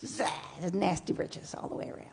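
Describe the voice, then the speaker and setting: A middle-aged woman minister, giving a conversational sermon with animated storytelling that moves between hushed reflection and playful bursts. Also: low voice, brisk, gravelly, slightly rough.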